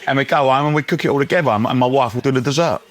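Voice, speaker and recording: Fast chatty guy telling stories in a pub, thirties. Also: mid-range voice. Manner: chatty storyteller, London slang. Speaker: guest. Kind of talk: casual chat.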